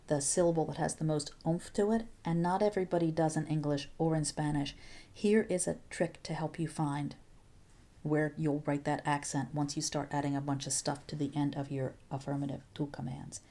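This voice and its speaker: A woman Spanish teacher explaining grammar step by step in a recorded video lesson, patient and clear with playful asides. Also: low voice, fairly even intonation, normal speed, dark tone.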